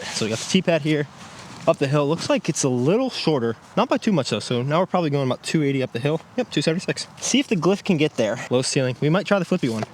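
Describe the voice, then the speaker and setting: A man giving casual commentary while throwing discs on an outdoor course, exclaiming at each shot. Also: medium pitch. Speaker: disc golf reviewer. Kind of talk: casual play-along commentary. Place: outdoor disc golf course. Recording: outdoor field recording with faint noise.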